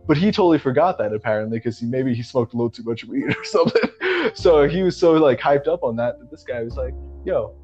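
A young man of average pitch chats through a podcast story. He is easygoing and swears freely, and "man" and "you know" pepper every sentence. The audio is slightly dull and lo-fi, with quiet music playing behind him. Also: expressive, fast. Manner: profane, laid-back storytelling, full of fillers like "man" and "you know". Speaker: podcast co-host. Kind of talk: casual storytelling chat.

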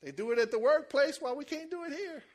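A man preaching a sermon, telling a lively story and acting out the voices of the people in it, with shouts at the high points. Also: fast talker. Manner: animated, acts out voices, shouts at peaks. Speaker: pastor.

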